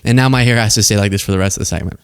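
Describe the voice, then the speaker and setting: A man's voice: on the low side, clean tone. Sarcastic male political commentator. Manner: sarcastic, emphatic, quick asides.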